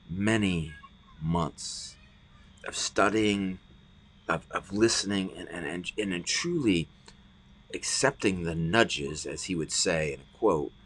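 A man's voice: sits low, slow pace, a bit bright, husky. A middle-aged man preaching a podcast sermon as pastor, earnest and often repeating words as he stresses a point.

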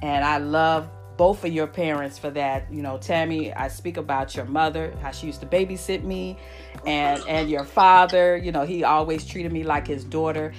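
Low-voiced heartfelt woman host. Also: steady tone, moderate pace, faint music behind. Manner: emotional, repeats phrases, folksy. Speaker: podcast host. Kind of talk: heartfelt casual chat.

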